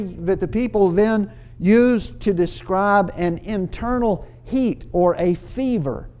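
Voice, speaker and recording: A man with a high voice delivers a sermon, walking his listeners through scripture in an earnest, explanatory way. He drives points home by repeating phrases, and his delivery has small stumbles and restarts. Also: a little mellow. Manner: earnest expository preaching with emphatic repeated phrases. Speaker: preacher.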